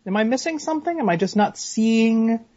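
A man co-hosting a podcast over a remote call, dry and deadpan in his jokes. His voice is husky, and the line sounds dull and muffled. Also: very high-pitched, a little fast. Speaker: podcast co-host. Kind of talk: casual comedic podcast chat.

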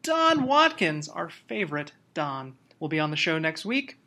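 A man's voice: fairly high pitch, expressive, normal speed, creaky, sharp tone. A man co-hosting a podcast in casual chat, laughing often as he runs through loose, joking plugs. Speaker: podcast co-host.

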